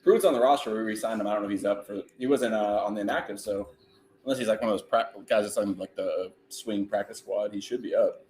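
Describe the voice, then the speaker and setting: A man's voice: lowish voice, quick pace, slight background noise. A man hosting a football watch-along livestream, chatting casually about the plays and reading out chat messages. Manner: relaxed play-by-play banter, reads chat aloud.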